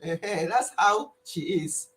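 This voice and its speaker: A woman hosting a live stream, greeting viewers with excitement and leading an earnest prayer. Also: lowish voice, slow pace.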